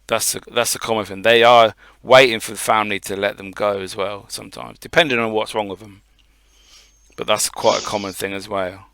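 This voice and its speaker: A man co-hosting a podcast in casual chat, blunt and quick with jokes, swearing freely. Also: on the low side, steady tone, vocal fry, a bit bright, smooth, dry recording. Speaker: podcast co-host.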